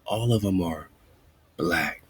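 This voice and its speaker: A man hosting a radio show, thinking aloud as he looks up words, muttering and whispering asides to himself and reading quoted lines slowly. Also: deep voice, husky, no echo. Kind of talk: casual research talk, looking up words live.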